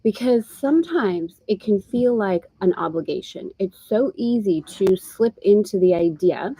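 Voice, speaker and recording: A woman's voice: medium pitch, expressive, measured pace, husky, no room sound, rough recording. A woman leading a live online spiritual lesson, chatting casually with viewers between readings. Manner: warm chatty asides, breaks into laughter. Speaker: spiritual course teacher. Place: travelling in Greece, indoors.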